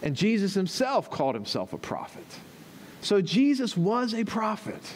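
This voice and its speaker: High-voiced man preaching a teaching sermon. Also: very animated, normal speed, slight background noise. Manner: explains step by step and checks in with listeners. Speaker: pastor.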